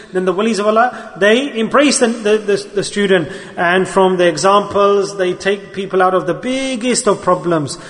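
A man's voice: high-pitched, fairly bright tone, in a large hall. A man preaching a sermon in a mosque, earnest and exhorting, mixing Arabic and Urdu religious terms into his talk.

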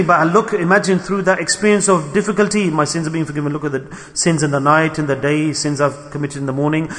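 A man's voice: on the high side, steady tone, quick pace, hardly any pauses, a bit bright, long reverb tail. A man preaching a sermon to his congregation, asking rhetorical questions and acting out the complaints of others.

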